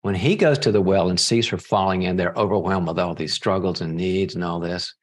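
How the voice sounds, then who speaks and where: A man's voice: sits low, brisk. A man, a psychologist guest, telling a story in conversation and acting out the dialogue. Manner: animated storyteller, acts out dialogue.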